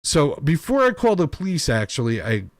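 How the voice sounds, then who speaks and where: An animated man telling a story, his pitch swinging high and low as he rants. He swears freely, sounds wronged, and slips into other people's voices. The sound is dry and close. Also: normal speed, dry recording. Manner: swears often and sounds aggrieved. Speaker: host. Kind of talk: storytelling rant.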